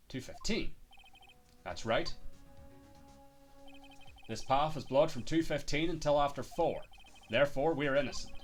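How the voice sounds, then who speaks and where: Lively man reading game dialogue. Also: mid-range voice. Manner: animated, switching voices between characters. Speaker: streamer.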